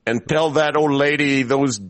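A man's voice: on the high side, fairly even intonation, normal speed, a bit bright, no room sound, lightly acted. A man putting on a blunt, taunting voice with a Jamaican-tinged accent. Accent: Jamaican-tinged impression.

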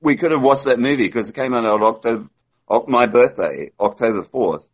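A man's voice: mid-range voice, a little fast, breathy edge. A man on a call talking in a rambling, earnest way, often repeating himself. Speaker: caller. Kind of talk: casual chat on a call. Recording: dull lo-fi call audio.

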